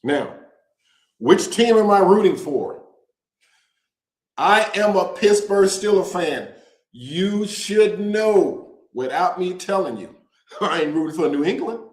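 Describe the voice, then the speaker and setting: A man hosting a casual show, talking to viewers in an animated, joking way and drawing out words for emphasis. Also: high-pitched, slow pace, pauses often, echoey room, rough recording. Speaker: host. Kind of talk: casual direct-to-camera promo talk.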